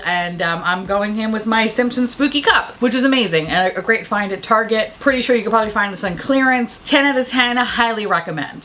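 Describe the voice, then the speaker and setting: A woman's voice: on the high side, a little fast, few pauses, pushed and bright, a little hiss or hum. A woman chatting casually as a makeup vlogger, rambling, swearing freely and laughing often.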